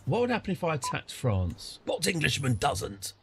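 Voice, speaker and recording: A man's voice: fairly high pitch, huge pitch swings, normal speed, few pauses, fairly bright tone, husky. A man chatting casually on a game stream, rambling through jokey stories with lots of fillers. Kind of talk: casual live-stream chat while gaming.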